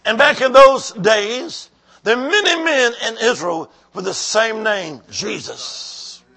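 Male preacher, high bright voice, slow rhythmic sermon with call-outs to the congregation. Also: lively intonation. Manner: rhythmic, repeating phrases, calls to the congregation.

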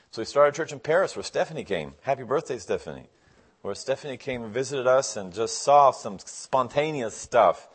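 Animated man preaching to a congregation. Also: mid-range voice. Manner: animated storyteller, acts out dialogue in the joke. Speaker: guest pastor. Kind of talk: sermon with storytelling. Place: church.

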